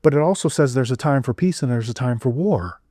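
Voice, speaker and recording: A man on a podcast delivering an intense monologue. He asks rhetorical question after rhetorical question and swings from low muttering to loud exclamations. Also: lively intonation, fairly quick, no echo, studio quality. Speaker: podcast guest.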